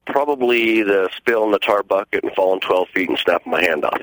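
A man's voice: lowish voice, fairly quick, fairly bright tone, dry recording, low-quality recording. A middle-aged man calling in to a radio show, telling his story in a matter-of-fact, rambling way. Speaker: caller. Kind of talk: phone-in story.

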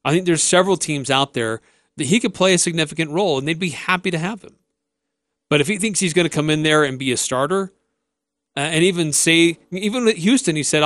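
A man co-hosting a sports radio show, making his points in a measured, thinking-aloud way. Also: fairly high pitch, a bit bright, no echo. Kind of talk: casual sports talk.

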